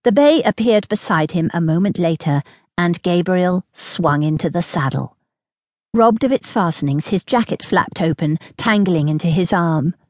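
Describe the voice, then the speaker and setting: In a close, echo-free studio recording, a woman with fairly low pitch narrates a historical romance audiobook, her storytelling steady and measured.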